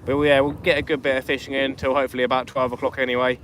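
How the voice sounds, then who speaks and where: A man with a mid-range, fairly bright voice talks very fast in a flat delivery. He's a fishing channel host running a live stream from a small inflatable boat at night, chatting and greeting viewers by name. Wind noise hits the open boat, with wind and water in the background.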